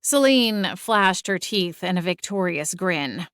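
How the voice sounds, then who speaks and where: A young adult woman narrating a first-person audiobook, expressive and exasperated in the dialogue. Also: on the low side, slow pace, clear, resonant tone, no room sound, studio quality.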